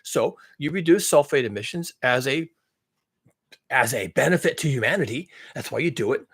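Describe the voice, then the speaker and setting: A man giving sarcastic spoken commentary, swinging from mock-alarmed outbursts to low muttered asides and correcting himself as he rambles. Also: animated, moderate pace, a bit bright, husky. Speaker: climate commentary channel host.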